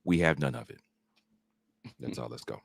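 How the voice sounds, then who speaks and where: A man's voice: extremely low pitch, normal speed, vocal fry, breathy edge, no room sound, clean studio sound. A man co-hosting a casual sports chat show, making his points with earnest emphasis. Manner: emphatic, earnest opinion-giving. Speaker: co-host.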